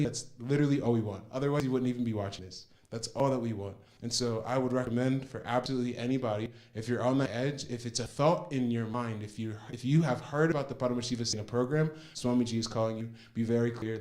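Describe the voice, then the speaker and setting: A man's voice: medium pitch, a little mellow. Earnest man giving a heartfelt testimony. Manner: earnest and heartfelt, with frequent restarts and fillers. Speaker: program participant giving a testimonial. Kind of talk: personal testimony.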